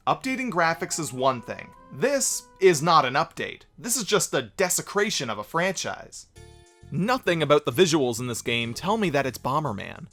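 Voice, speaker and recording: A man's voice: a little high, big pitch swings, normal speed, a bit bright, faint music behind. A man narrating a comedic video game review in a sarcastic way, breaking into exaggerated outbursts of mock dismay.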